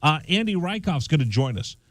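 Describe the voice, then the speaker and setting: A man's voice: a little high, very animated, fairly quick, dry recording. A man hosting a radio sports show in the studio, chatting loosely and joking as he runs down the program. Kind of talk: casual radio chat. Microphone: studio microphone.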